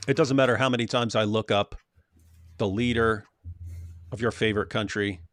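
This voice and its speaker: A man's voice: lowish voice, fairly even intonation, normal speed, fairly bright tone, dry recording. Joking man riffing on news, dry sound. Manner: joking, reads articles aloud and riffs on them. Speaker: co-host. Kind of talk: casual commentary, reading news aloud.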